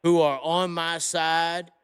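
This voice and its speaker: A man's voice: fairly high pitch, little pitch movement, takes it slowly, a bit bright, smooth. A man talking as a podcast guest in a rambling, profane way, full of restarts and "like". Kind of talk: casual podcast chat.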